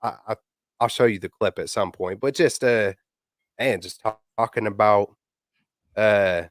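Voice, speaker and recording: A man co-hosts a casual sports chat, rambling in a slangy way with many fillers and restarts. His voice is on the low side. The recording is dry and close. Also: measured pace, no echo. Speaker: podcast co-host.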